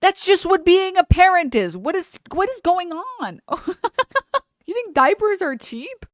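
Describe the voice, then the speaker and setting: A woman's voice: very high voice, moderate pace, no room sound, studio quality. A woman streamer giving sarcastic, swear-filled commentary while reacting to a video. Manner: animated, sarcastic ranting with frequent swearing. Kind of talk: casual live-stream commentary.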